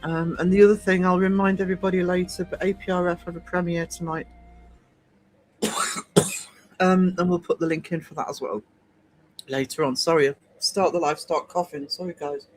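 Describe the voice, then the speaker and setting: A man's voice: high voice, little pitch movement, moderate pace, pauses often, faint music behind, low-quality recording. A man hosting a casual live stream, chatting and greeting viewers by name, with a cough now and then.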